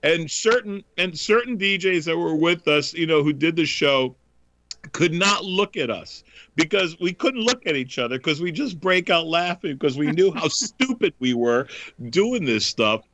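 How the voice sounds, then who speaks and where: An enthusiastic male host reminisces with a ready laugh, his voice pitched a little high. The tone is bright and crisp, with no room echo at all. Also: animated, normal speed. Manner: enthusiastic storyteller, laughs often. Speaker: podcast host. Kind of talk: casual chat.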